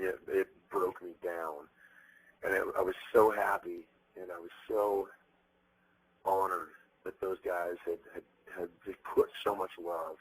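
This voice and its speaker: A man in his thirties being interviewed, telling stories bluntly with plenty of profanity and animated energy. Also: low-pitched, breathy edge, rough recording. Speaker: interviewed musician. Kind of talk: candid interview talk.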